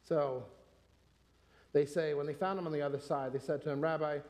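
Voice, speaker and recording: A man with a high voice delivers a sermon in an emphatic, conversational teaching style and often asks his listeners rhetorical questions. His voice rings out with a long reverb, as if in a large hall. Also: brisk, darkish tone. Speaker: preacher.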